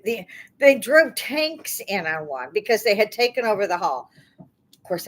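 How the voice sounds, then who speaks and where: A woman's voice: lowish voice, slight background noise. A middle-aged woman hosting her own talk stream, ranting angrily about politics with heated, indignant outbursts. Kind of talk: angry political rant.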